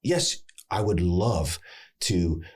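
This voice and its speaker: An American man in his thirties, an actor and acting coach, chatting casually in an interview and telling animated stories. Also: drawn-out words, breathy edge. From United States. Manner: animated storyteller, swings pitch to make points.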